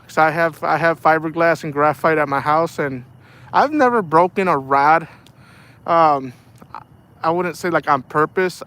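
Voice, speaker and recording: A man's voice: fairly high pitch, fairly bright tone, clear, resonant tone. A man chatting casually on a fishing livestream from outdoors by the water, rambling in a laid-back way and often saying "man". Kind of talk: casual live chat while fishing.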